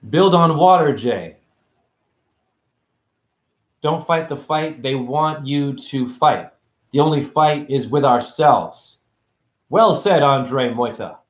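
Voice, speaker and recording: Rambling spiritual man in an echoey room. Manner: free-associating, preachy, swinging between high exclamations and low mutters. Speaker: spiritual teacher.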